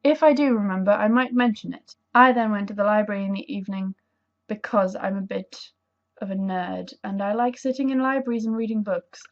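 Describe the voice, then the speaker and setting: A woman's voice: mid-range voice, steady tone, a little fast. A young woman chatting to camera in a casual vlog, bubbly and enthusiastic, rambling with self-deprecating asides. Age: young adult. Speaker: vlogger. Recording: dull lo-fi camera audio.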